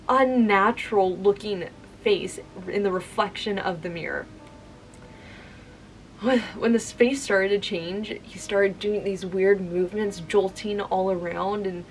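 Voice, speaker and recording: A woman's voice: medium pitch, slight background noise, poor audio. A young woman telling a spooky personal story to camera in a chatty, casual way, full of "like.". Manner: chatty, filler-heavy telling with many "like"s. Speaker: vlogger.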